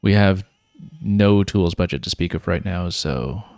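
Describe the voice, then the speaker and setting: A man's voice: sits low, unhurried, vocal fry, darkish tone, dry recording. A man streaming a video game, thinking aloud and planning his next moves with casual fillers. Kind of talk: casual gameplay commentary.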